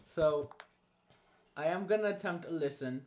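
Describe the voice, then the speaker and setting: Young dude playing a tabletop game, jokey and crude, slightly high voice, dull lo-fi echoey room. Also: male voice, measured pace, background noise. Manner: joking, crude, drawled in-character lines. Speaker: player.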